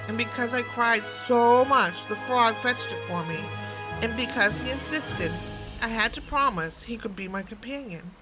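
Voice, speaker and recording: A woman's voice: fairly high pitch, normal speed, over music, pitched above the performer's own voice, close to an everyday voice, poor audio. A woman reading a storybook and voicing a spoiled young princess who speaks in a whiny, emphatic way. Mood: fretful.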